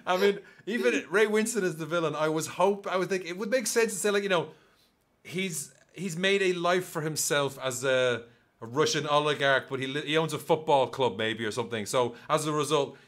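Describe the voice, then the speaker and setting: Bright slightly high guy joking around on a film podcast. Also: brisk. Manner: joking, animated, slips into mock voices. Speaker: podcast co-host. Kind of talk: casual film discussion.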